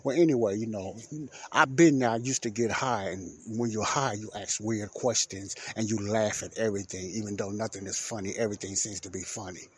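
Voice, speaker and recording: A man's voice: lowish voice, fairly even intonation, fairly quick, a little hiss or hum. A man hosting a podcast, telling a casual story in a rambling way that keeps circling back with "well, anyway.". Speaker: podcast host.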